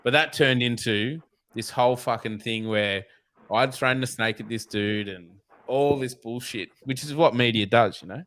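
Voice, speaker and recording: A man's voice: medium pitch, moderate pace, a bit bright. An Australian man, a snake catcher guest, telling blunt, profane, rambling stories in a casual interview.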